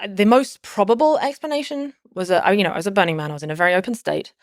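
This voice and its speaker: A woman's voice: medium pitch, very animated, fast talker, no room sound, studio quality. A woman talking as a podcast guest, telling a personal story casually and rambling with lots of "like" fillers and restarts.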